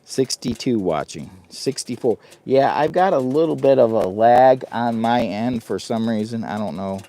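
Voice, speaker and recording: A talkative man running a casual live stream from a heated tent on a winter night. His pitch sits in an ordinary middle range. He rambles easily and laughs at himself often. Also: animated, moderate pace, mellow.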